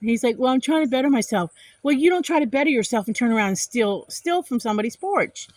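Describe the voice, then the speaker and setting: A woman's voice: on the high side, fast, no room sound. A middle-aged woman, telling an angry story to the camera in a casual vlog and repeating herself for emphasis. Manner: animated, indignant retelling with repeated phrases. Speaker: vlogger.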